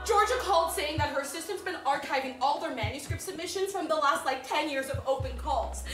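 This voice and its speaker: A woman's voice: sits high, brisk, fairly bright tone, faint music behind. A woman acting in a stage scene as an anxious young writer, emotional and swearing. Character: panicked young woman writer accused of plagiarism. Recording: roomy stage sound from far off.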